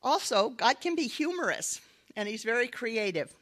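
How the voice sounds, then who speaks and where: A woman's voice: fairly high pitch, sing-song, normal speed, a bit bright. A middle-aged woman giving a sermon-style personal testimony, telling her story earnestly with light laughs. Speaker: speaker giving a devotional talk.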